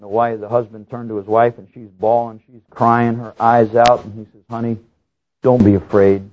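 A man preaching a sermon as pastor. He tells stories with sudden rises in pitch and repeats key phrases for emphasis. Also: normal speed. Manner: storytelling with lively rises in pitch. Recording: tinny, phone-like sound.

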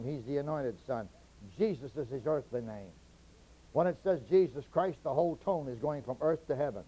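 A man preaching a sermon to his congregation, moving between quiet teaching and loud, fervent passages where he stretches key words. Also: on the high side, highs cut off.

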